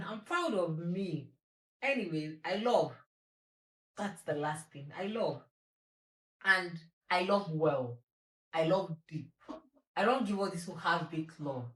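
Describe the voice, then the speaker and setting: Low-voiced woman, candid podcast. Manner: candid, animated and self-mocking. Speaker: podcast host. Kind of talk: solo confessional podcast. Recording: roomy echo.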